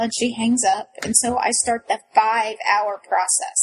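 A woman in her thirties telling a frantic personal story in casual chat, animated and breathless, full of restarts. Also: on the high side, normal speed, slight background noise, low-quality recording. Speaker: guest storyteller.

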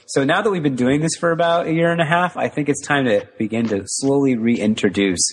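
A man's voice: medium pitch, a little fast, breathy edge. A man co-hosting and producing a podcast over a call, rambling earnestly. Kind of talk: casual group chat on a call.

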